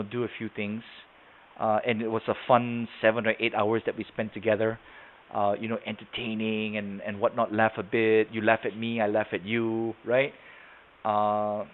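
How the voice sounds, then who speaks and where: A man leading a live sales training webinar on a video call, talking conversationally, quizzing the class and repeating himself. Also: mid-range voice. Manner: conversational, asks the class questions, repeats words. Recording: tinny phone-like audio.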